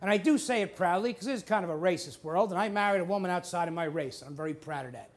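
New man doing stand-up, very high voice, punchy and quick, TV studio. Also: expressive. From New Jersey. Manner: punchy joke delivery with put-on character voices. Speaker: stand-up comedian. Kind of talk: stand-up comedy set. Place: TV studio with live audience.

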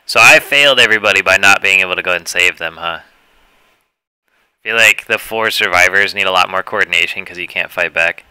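A young man streaming a horror game, swearing and shouting in panic as he plays. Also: deep voice, moderate pace, clear, resonant tone, dry recording, poor audio. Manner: loud, panicky, swearing, shouts and trash-talks while playing. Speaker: gamer streamer. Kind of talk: live horror game commentary.

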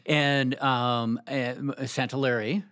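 A man's voice: mid-range voice, steady tone, takes it slowly, a bit bright. A man hosting a podcast, interviewing guests and often tagging his remarks with "right?". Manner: affirming, frequent "right?" tags. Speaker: podcast host.

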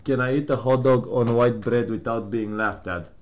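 A man's voice: mid-range voice, moderate pace. A man playing a game with his partner, casually joking, laughing and swearing as he reads questions and answers aloud in a mock-serious tone. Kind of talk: casual gaming commentary, reading game text aloud.

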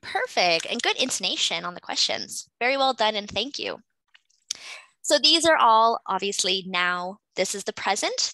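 A woman's voice: medium pitch, sharp tone, dry recording, rough recording. A Canadian woman teaching an English class over a video call, patiently explaining grammar and calling on students.

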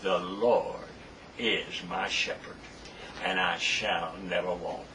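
A man's voice: low-pitched, fairly even intonation, slow pace, distant mic, background noise. Fervent preacher man, off-mic. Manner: earnest, rising to fervent repetition. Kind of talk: sermon.

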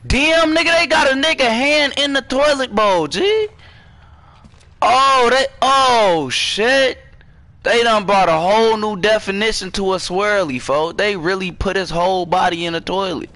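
A young man giving profane, excitable horror gameplay commentary, jumping into screams and then downplaying it. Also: high voice, measured pace. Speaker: gaming streamer.

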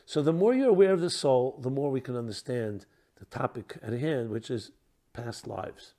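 A man speaking as a rabbi in a reflective teaching talk, posing rhetorical questions and trailing off softly at the ends of phrases. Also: mid-range voice, animated, normal speed.

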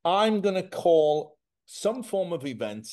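A man co-hosting a casual chat, animated and fond of telling stories by acting out quoted voices. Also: high-pitched, takes it slowly. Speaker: co-host.

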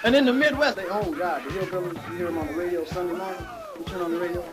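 High-voiced male stand-up comic. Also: racing, loud music behind the voice, over a noisy crowd, poor audio. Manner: switches into character voices, loose and profane. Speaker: stand-up comedian. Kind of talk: stand-up comedy routine.

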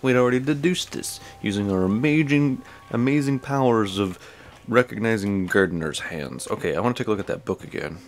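A man with a lowish voice rambles through a game, swearing and muttering to himself as he plays. The recording carries clear background noise. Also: brisk, few pauses. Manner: rambling, swears, talks to himself while playing. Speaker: gameplay commentator. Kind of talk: casual let's-play commentary.

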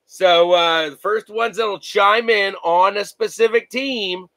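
A man's voice: sits high, takes it slowly, sharp tone, dry recording, low-quality recording. A man hosting a card-breaking livestream from home, chatting casually and rambling with many fillers and restarts.

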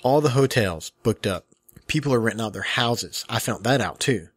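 A man's voice: medium pitch, animated, moderate pace, slightly rough, dry recording. A young man with a mid-range voice co-hosts a casual podcast and tells long stories with dry, wry humor. The sound is close and dead dry. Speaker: podcast co-host. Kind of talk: casual chat.

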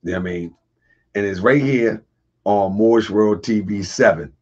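A man hosting a casual livestream, husky and getting over a cold, talking to viewers, laughing often and answering chat comments. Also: lowish voice, normal speed, darkish tone, muffled recording. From Baltimore area. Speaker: livestream host.

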